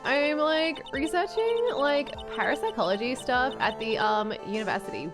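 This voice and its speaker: A woman's voice: high voice, lively intonation, moderate pace. A woman putting on a ditzy valley girl witness. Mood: airy, chatty. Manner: drawls "like" constantly, sing-song upward lilt. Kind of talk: reading game dialogue aloud in voices. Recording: game music playing underneath.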